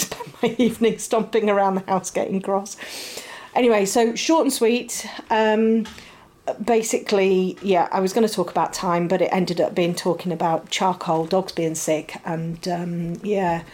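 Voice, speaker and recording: A woman's voice: medium pitch, fairly even intonation, normal speed, a little mellow. Chatty woman, laughing often. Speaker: podcast host. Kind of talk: casual chat. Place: home, puppy nearby.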